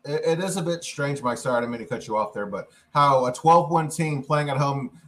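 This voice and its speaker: A man hosting a sports podcast, steady and friendly as he introduces and steers the talk. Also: fairly high pitch, a little fast. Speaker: podcast host. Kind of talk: casual sports chat.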